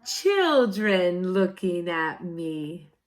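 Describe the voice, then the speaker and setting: Woman kindergarten teacher, read-aloud storytime; slow, very lively pitch, playful asides. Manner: slow, sing-song, exaggerated storybook delivery with playful asides. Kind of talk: reading picture books aloud to young children.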